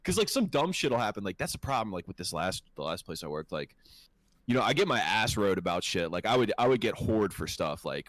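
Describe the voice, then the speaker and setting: A man's voice: on the low side, sing-song, brisk, fairly bright tone, dry recording. A man co-hosting a podcast, talking in a casual, heated way, swearing freely and laughing often. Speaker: podcast co-host. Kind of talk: casual profane chat.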